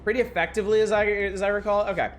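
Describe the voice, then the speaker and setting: A man's voice: high-pitched, fairly even intonation, racing, faint music behind. A man streaming a role-playing game, casually musing through plans with hesitant restarts. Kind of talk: let's-play commentary.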